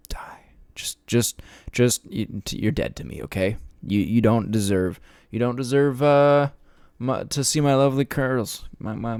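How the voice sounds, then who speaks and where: Profane rambling man with a smooth low voice. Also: a little mellow, dry recording, studio quality. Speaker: podcast host. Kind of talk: casual ranting monologue.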